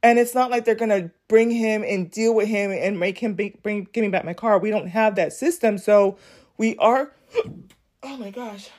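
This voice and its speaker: A woman's voice: mid-range voice, normal speed, darkish tone. A woman hosting a podcast, talking casually and reacting to news clips, often addressing her listeners directly. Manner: chatty, addresses listeners as y'all. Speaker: podcast host.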